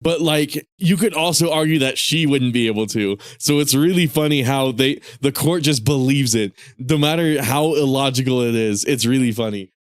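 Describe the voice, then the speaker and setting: A man's voice: mid-range voice, moderate pace, hardly any pauses, no room sound. A young man streaming a game, rambling through casual gameplay commentary in an irreverent, giggly way.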